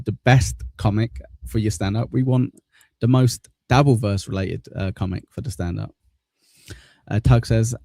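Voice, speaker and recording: A southern English livestream host, his accent bordering on Cockney, chats easily through viewer comments, rambling, laid-back and casually profane. His voice is lowish, gravelly and warm, with no room sound.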